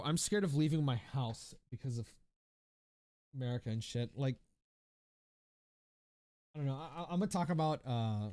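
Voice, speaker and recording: A man's voice: mid-range voice, darkish tone. A young man in his twenties chatting on a casual livestream, rambling with lots of swearing, fillers and restarts as he reads viewer comments. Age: 20s.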